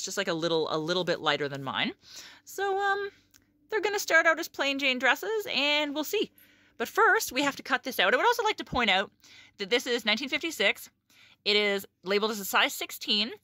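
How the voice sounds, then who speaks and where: A woman's voice: medium pitch, sharp tone, no room sound. A woman chatting casually about sewing in a vlog, profane and self-mocking. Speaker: sewing vlogger.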